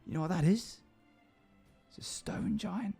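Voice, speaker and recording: A man doing Bonko, a pinched high little goblin. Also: measured pace, vocal fry, mellow, husky, faint music behind, exaggerated voice. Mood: scheming. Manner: cheeky, wheedling, deal-making. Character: scrappy hungry little male goblin.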